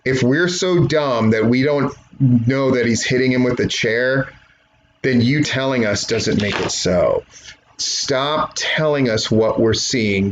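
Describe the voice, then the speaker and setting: A man's voice: mid-range voice, slight background noise, low-quality recording. A man reviewing a wrestling match, blunt, profane and opinionated, mocking others in impressions. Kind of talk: profane rant-style review commentary.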